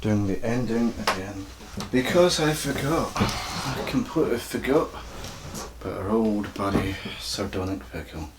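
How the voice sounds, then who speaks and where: A Scottish YouTuber with a croaky voice, casually flubbing takes and swearing at his own mistakes. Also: lowish voice, lively intonation, unhurried, background noise. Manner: swears freely at his own flubs, self-mocking.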